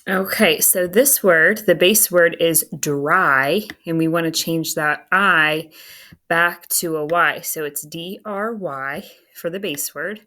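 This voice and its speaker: Bright, slow-paced woman teaching phonics. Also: on the low side. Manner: patient, spells words letter by letter; self-talk while writing on screen. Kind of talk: phonics lesson walkthrough.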